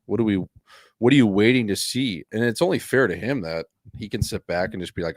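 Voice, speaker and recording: A man's voice: fairly low pitch, animated, a little fast, no echo, clean studio sound. A man co-hosting a podcast in casual sports chat, laid-back and matter-of-fact, swearing now and then. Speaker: podcast co-host.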